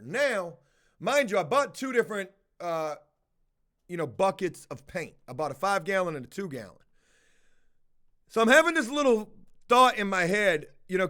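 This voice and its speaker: A middle-aged man telling a rambling, profanity-laced story to his livestream viewers, stopping often to answer their comments. His voice sits high for a man. His delivery is loose and conversational. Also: fairly bright tone. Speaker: house-flipping livestreamer. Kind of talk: casual livestream chat.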